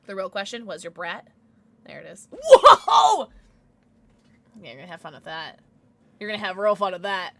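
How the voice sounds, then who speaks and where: A woman's voice: fairly low pitch, fast talker, a bit bright, a little hiss or hum. A young woman livestreaming, chatting casually with her viewers, giddy and emotional, often squealing and laughing.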